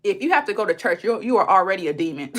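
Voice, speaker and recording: A woman's voice: medium pitch, sing-song, a little fast, fairly bright tone, slight background noise. A woman on a livestream talking straight to her chat. She is blunt, heated and profane, and she repeats her lines for emphasis. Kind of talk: unscripted livestream rant.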